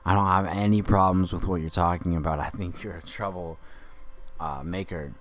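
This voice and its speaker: A man's voice: sits low, steady tone, moderate pace, close to an everyday voice. A man playing an angry, rambling Dick Grayson in a profane comedic podcast monologue. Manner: rambling, profane, indignant ranting.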